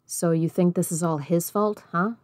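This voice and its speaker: A gruff, stern older man, blunt and curt with his questions, as a woman reads him in a storybook. The voice sits low and mellow. The sound is close and dry. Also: steady tone, normal speed, dry recording, close to an everyday voice.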